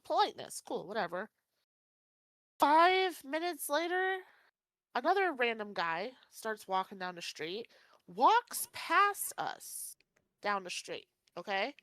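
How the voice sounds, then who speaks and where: A woman's voice: mid-range voice, sharp tone, no room sound. A woman co-hosting a podcast, telling a story in casual chat, laughing often and acting out other people's lines. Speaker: podcast co-host.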